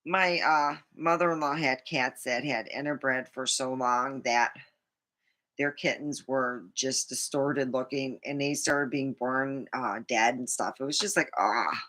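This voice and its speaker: A woman's voice: rumbling low, steady tone, unhurried, fairly bright tone. A middle-aged woman vlogging in a meandering casual monologue, full of fillers and frequent laughter.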